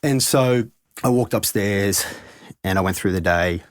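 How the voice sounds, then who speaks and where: A man's voice: fairly low pitch, a little slow, dry recording. A middle-aged man, a head of school and podcast guest, tells an earnest, heartfelt story and reflects on it.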